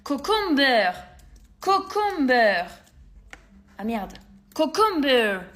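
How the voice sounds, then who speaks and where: A woman's voice: high voice, big pitch swings, slow pace, a bit bright. A woman with a French accent, a native French speaker, struggling to pronounce an English word and repeating it in frustration in a played clip.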